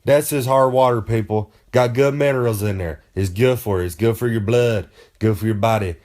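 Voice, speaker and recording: A man's voice: lowish voice, normal speed, darkish tone. A pro wrestler man giving road tips in a comedic in-character monologue, boastful and rambling in folksy slang.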